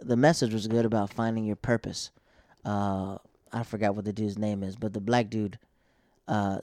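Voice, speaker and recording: A man's voice: fairly low pitch, a little mellow, no room sound, studio quality. A man in his twenties or thirties, a stand-up comedian, chatting casually with a rambling, self-interrupting way of talking. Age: 20s to 30s. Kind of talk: casual chat.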